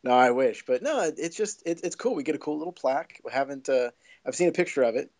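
A man who is a filmmaker, a guest on a podcast, telling stories in a chatty, excitable way. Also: on the high side, fast. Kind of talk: casual podcast chat.

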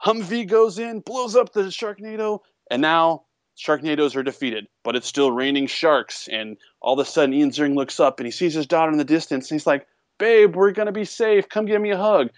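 Animated young man retelling a movie. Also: a little high, a little fast, dry recording. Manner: animated storytelling, acts out quotes in a raised voice. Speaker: podcast co-host. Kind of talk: casual movie chat.

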